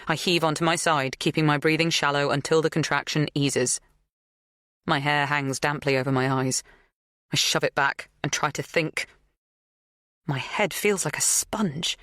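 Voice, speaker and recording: A woman narrating a first-person psychological thriller in a measured, tense, intimate way. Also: low-pitched, fairly bright tone, no room sound, clean studio sound. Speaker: audiobook narrator.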